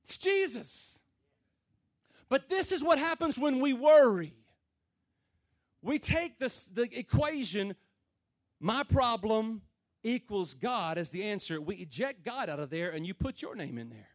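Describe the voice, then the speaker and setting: A man preaching to a room of men in a notably high voice. He talks plain and folksy, swinging from loud, emphatic calls down to quiet, low murmurs. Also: big pitch swings, unhurried, pauses often. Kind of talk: sermon to a men's gathering.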